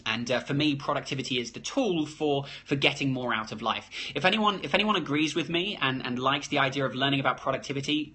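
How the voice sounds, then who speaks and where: A man with a New Zealand accent, talking fast and excitedly on a phone live stream, reading out comments and restarting his sentences. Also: mid-range voice, husky. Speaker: productivity blogger hosting a live stream.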